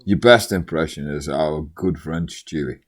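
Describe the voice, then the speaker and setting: A man's voice: a bass voice, measured pace. A man co-hosting a casual chat, joking and laughing a lot, swearing often. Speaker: co-host.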